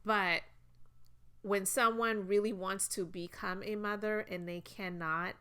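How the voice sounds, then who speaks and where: A woman's voice: medium pitch, fairly even intonation, a little slow, fairly bright tone, smooth. A woman giving a casual commentary monologue, talking in an earnest, emotional and personal way.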